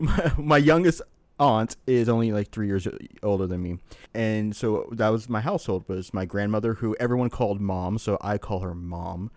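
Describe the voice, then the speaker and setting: Low-voiced animated male podcast host. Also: no room sound. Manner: animated, rambling storyteller. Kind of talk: casual podcast chat.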